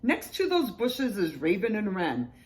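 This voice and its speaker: A cheerful young bear from a storybook, played by a woman with a high, sing-song voice that swings widely up and down. He is friendly and eager and talks slowly and kindly. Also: huge pitch swings. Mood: friendly, inviting.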